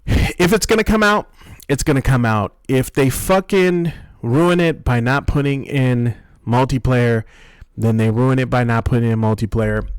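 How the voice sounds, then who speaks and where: A young man ranting casually about a video game, profane and excitable, rambling and restarting his sentences. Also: mid-range voice, no echo. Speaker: gaming video host.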